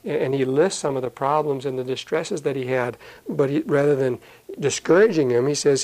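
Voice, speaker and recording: A pastor giving a conversational Bible-study sermon. He reads scripture slowly and explains it in plain, folksy asides. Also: mid-range voice, a little mellow, low-quality recording. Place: church.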